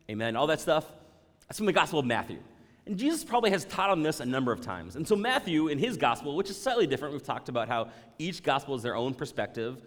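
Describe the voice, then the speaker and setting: A man delivers a conversational sermon from a pulpit, his pitch swinging widely as he acts out the doubts of his listeners. His voice rings out through a big hall with a long, lingering reverb. He speaks like a pastor talking straight to his church. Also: fast. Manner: animated, conversational preaching with voiced asides.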